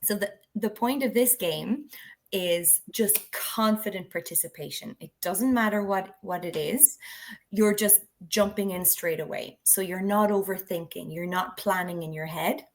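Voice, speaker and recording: A woman's voice: medium pitch, unhurried. Woman explaining a drama classroom game. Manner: instructive, walks through steps with examples. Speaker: drama education trainer. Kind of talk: explanatory conversation.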